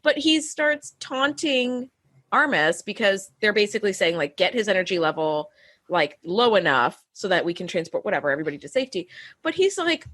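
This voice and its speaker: A woman co-hosting a casual podcast chat, animated, laughing often and acting out quotes. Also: mid-range voice, a little fast. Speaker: podcast co-host.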